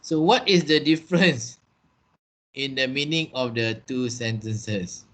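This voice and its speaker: Man, Malaysian English accent, unhurried delivery, mid pitch, online writing trainer, keyboard clicks behind. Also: fairly bright tone. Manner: slow, repetitive, checks understanding with "okay" and "eh". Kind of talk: online business writing class.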